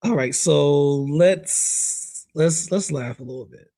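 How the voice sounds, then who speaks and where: A man's voice: a little high, slow, warm tone. A man hosting a live stream, greeting chat viewers by name and chatting loosely about clips, often trailing off mid-sentence. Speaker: streamer host reacting to clips. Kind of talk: casual live-stream commentary.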